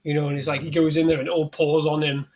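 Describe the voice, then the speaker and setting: Animated, swearing man, slightly high voice. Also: quick pace, lo-fi sound. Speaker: podcast guest. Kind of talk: casual film discussion.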